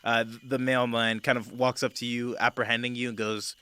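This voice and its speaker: Bright-voiced male game master. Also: medium pitch, little pitch movement, clear, resonant tone. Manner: halting, with many fillers. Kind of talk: narrating a tabletop game.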